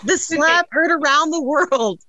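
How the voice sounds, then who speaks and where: A woman co-hosting a casual chat, reacting with quick exclamations. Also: high voice, pushed and bright, no room sound.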